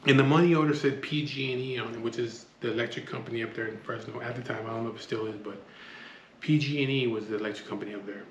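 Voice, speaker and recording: A man's voice: medium pitch, steady tone, fast. A man telling a street story in a blunt, profane, casual way. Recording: echoey room, faint noise.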